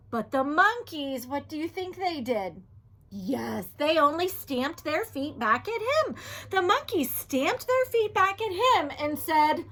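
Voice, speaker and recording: Her pitch fairly high and her pace slow, a female teacher brings a kids' storybook to life as she reads it out. Along the way she quizzes the children and sometimes lowers her voice to a whisper.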